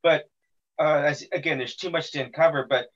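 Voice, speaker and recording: Guy hosting a chat, kinda rambly, lots of ums, slightly high voice, dull lo-fi audio. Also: fairly even intonation, brisk, a bit bright. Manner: rambling, many fillers and restarts. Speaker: podcast host. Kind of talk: casual interview chat.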